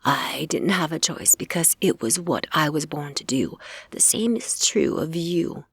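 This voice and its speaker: A woman voicing a stern male Fae king who disapproves of his daughter, in a low, hushed and measured delivery. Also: expressive, vocal fry, breathy edge, no echo, heavily acted.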